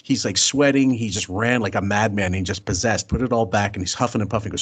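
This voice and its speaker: A man's voice: mid-range voice, expressive, fast, breathy edge. A man co-hosting a casual podcast, telling a rambling anecdote with frequent restarts. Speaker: podcast co-host.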